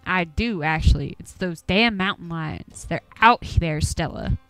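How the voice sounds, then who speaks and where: A woman doing a gruff old Appalachian farmer. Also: lowish voice, unhurried, a bit bright, no room sound, soft background music, low-quality recording. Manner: folksy drawl, grumbling and scolding. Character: gruff old rural man, stubborn chicken farmer and hunter.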